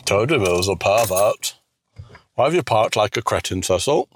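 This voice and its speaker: A man's voice: lowish voice, lively intonation, normal speed, slight background noise, close to an everyday voice. A man voicing Margaret, a foul-mouthed old wife. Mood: nagging. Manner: crude, nagging, sarcastic.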